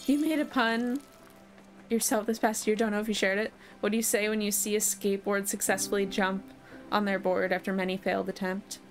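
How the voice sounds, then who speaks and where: A woman's voice: mid-range voice, steady tone, a little fast. A young woman streaming a video game live, chatting casually, reading out viewer comments and laughing often. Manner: reads chat aloud, laughs often, chatty and candid. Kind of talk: casual live-stream chat while gaming. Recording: game music behind voice. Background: game music.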